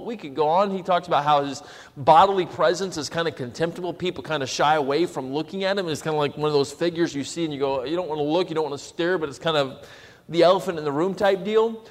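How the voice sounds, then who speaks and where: A man preaching a sermon in a conversational way, slipping into acted asides. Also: on the high side. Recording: long hall reverb.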